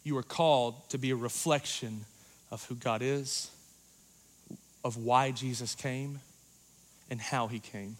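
A man preaching a sermon in a dynamic, conversational way, swinging between loud passages and hushed ones. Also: medium pitch, steady tone, unhurried, long pauses. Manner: conversational, uses "like" and "you know".

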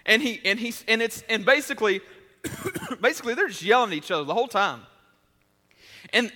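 A pastor delivers his sermon in a loose, conversational style, often starting a phrase twice. His voice sits high and bright for a man. It rings out with a long reverb, as in a large church hall. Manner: conversational preaching, many restarts, shifts from loud to quiet.

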